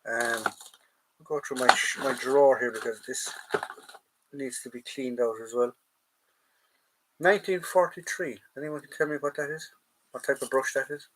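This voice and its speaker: An Irish man hosts a live collectibles stream from home, going through a drawer and chatting casually and ramblingly with viewers he calls lads. His mid-range voice is a bit bright, at a moderate pace with frequent pauses, and the audio is poor with slight background noise.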